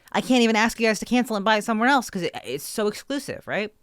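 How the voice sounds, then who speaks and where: A woman's voice: mid-range voice, fast talker, no room sound. Ranting woman podcaster. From Canada. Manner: animated, ranting storytelling with swearing. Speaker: podcast co-host. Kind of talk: casual podcast chat. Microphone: close podcast microphone. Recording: dry close-mic sound.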